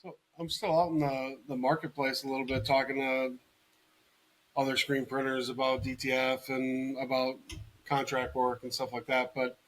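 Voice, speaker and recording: A man's voice: mid-range voice, a bit bright, poor audio. A man co-hosting a podcast, chatting casually in a matter-of-fact way with dry jokes.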